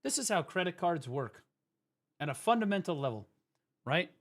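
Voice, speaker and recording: A man, a former teacher, chatting casually on stream and telling stories, profane and animated. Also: high voice, normal speed. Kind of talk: casual stream chat and storytelling.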